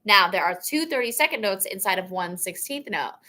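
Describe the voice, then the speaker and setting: A woman's voice: medium pitch, lively intonation, brisk, bright, forceful tone. A woman music teacher giving an upbeat, encouraging instrument lesson, counting the beats aloud in a chanting way. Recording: instruments playing along.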